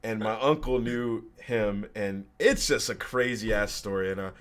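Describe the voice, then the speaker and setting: A man's voice: lowish voice, normal speed. A man in his twenties, a podcast guest, casually telling a personal story with slang and swearing. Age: 20s.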